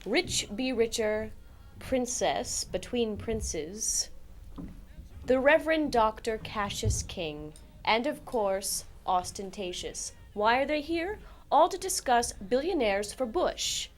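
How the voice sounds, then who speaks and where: Woman hosting a satirical talk show. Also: fairly high pitch. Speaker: host. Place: community TV studio.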